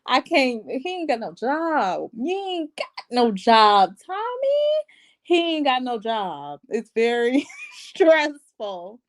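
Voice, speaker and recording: A young adult woman giving a sassy, slangy, animated reality TV review and acting out quotes in other voices. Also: on the high side, slow. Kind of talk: casual commentary vlog.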